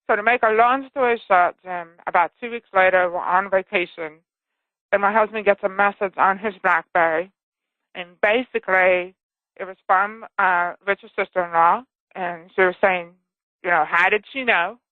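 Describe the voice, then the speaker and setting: A woman author tells her story over the phone in an earnest, involved way. Her pitch sits in the middle, and the line is tinny and dry. She keeps checking in with the listener as she goes. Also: moderate pace, dry recording. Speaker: author and guest. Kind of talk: phone interview, personal story. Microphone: telephone.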